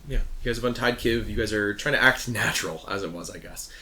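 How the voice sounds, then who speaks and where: Bright-voiced, laid-back male game master. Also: lowish voice, fast talker. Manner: laid-back, rambling description full of fillers. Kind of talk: narrating a tabletop game.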